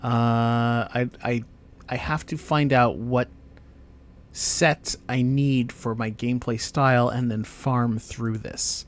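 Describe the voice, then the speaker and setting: A man's voice: mid-range voice, steady tone, takes it slowly. A man giving casual commentary while he plays a video game, rambling to himself with frequent fillers and half-finished thoughts. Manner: rambling, self-talk with frequent fillers and trailing off. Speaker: gamer streaming his play. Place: home gaming setup on camera.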